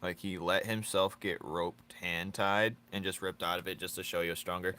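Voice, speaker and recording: A man's voice: low voice, fairly even intonation, normal speed, hardly any pauses, bright, forceful tone. A man chatting casually with his viewers while drawing on a live stream, teasing and joking, laughing often.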